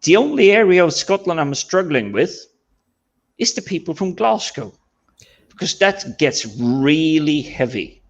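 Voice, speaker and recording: Scandinavian guy, excitable, trips over his words, audio kinda muffled and lo-fi. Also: fairly high pitch, unhurried, gravelly. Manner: animated, stammering restarts, laughs while talking. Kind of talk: casual chat. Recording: dull lo-fi audio.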